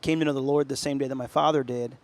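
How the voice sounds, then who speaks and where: A man's voice: medium pitch, fairly even intonation, fast. A man from upstate New York, co-hosting a podcast, telling his life story in casual chat and acting out quoted voices. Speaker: podcast co-host.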